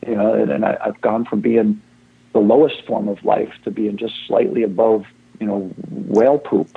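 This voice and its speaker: An older fire chief talks as an interview guest, wandering from thought to thought and running himself down with a laugh. His voice is husky. It comes through a thin, tinny phone line. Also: on the low side, little pitch movement, moderate pace. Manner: rambling, self-deprecating, repeats himself. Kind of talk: casual interview talk.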